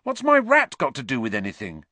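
A man pitching up as a scared, indignant teenage boy. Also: huge pitch swings, a little fast, sharp tone, dry recording. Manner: shaky, indignant.

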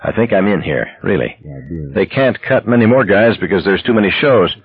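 A man voicing a desperate, angry young husband, low and clipped. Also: animated, normal speed, breathy edge, dry recording, phone-quality sound. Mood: bitter.

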